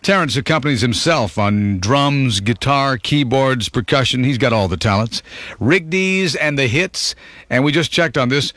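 A man's voice: mid-range voice, moderate pace, fairly bright tone, no echo. A man hosting a radio countdown show, chatting playfully with callers and tossing in jokes. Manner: playful, chatty, joking asides. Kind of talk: upbeat radio hosting with phone calls.

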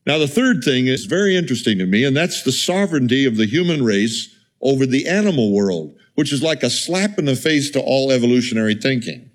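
A man's voice: medium pitch, expressive, fairly quick. A middle-aged male pastor preaching a sermon in a conversational way, with rhetorical questions and asides to the congregation.

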